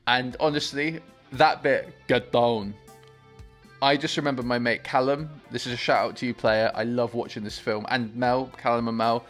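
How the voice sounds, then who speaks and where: A man hosting a movie reaction, talking about the film with excited, gushing enthusiasm. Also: medium pitch, brisk, few pauses, soft background music.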